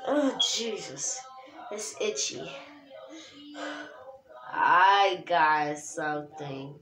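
A young performer doing a goofy laid-back dad. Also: male voice, fairly high pitch, expressive, drawn-out words, sharp tone, roomy sound, pitched below the performer's own voice, full character voice. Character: laid-back dad host clowning around. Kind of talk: comedy skit.

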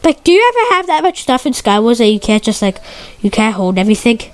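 Girl gamer talking over her match, squeaky high voice, swings up and down a lot, says fudge instead of swearing. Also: fast talker, dry recording. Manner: excitable, stuttery, repeats exclamations; swaps curses for mild words. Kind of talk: live gameplay commentary.

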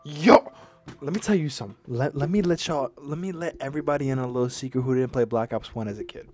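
A young man hosting a reaction video, joking crudely and talking loudly about games and clips. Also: mid-range voice, fast talker, faint music behind. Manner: loud, crude, joking, animated. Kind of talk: casual reaction commentary.

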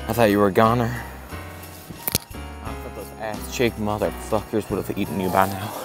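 A man playing a loud, crude, excitable hillbilly vlogger who swings between yelling and muttering. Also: fairly low pitch, normal speed, music in the background, natural voice. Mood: rambling. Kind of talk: comedic character vlog.

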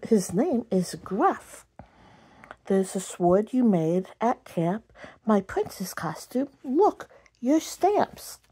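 A woman's voice: mid-range voice, sing-song, slow, warm tone, slightly rough, exaggerated voice. A woman reading a storybook aloud and voicing an eager, imaginative young girl.

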